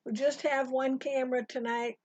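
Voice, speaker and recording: A woman's voice: high voice, flat delivery, moderate pace, no echo. An older woman chatting casually as she teaches a live sewing stitch-along, rambling and greeting viewers by name. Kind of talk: casual live tutorial chat. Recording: dry, dull lo-fi stream audio.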